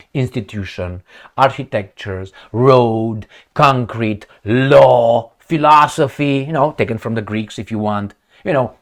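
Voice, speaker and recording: Mocking, animated male commentator. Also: mid-range voice. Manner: sarcastic, mocking, emphatic. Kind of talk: profane political commentary.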